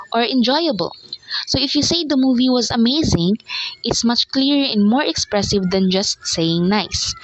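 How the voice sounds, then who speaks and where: A woman's voice: medium pitch, dry recording, muffled recording. A woman student presenting a class report in an online lesson, explaining step by step and correcting herself as she goes. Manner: explanatory, repeats and self-corrects. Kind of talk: class report on speaking skills.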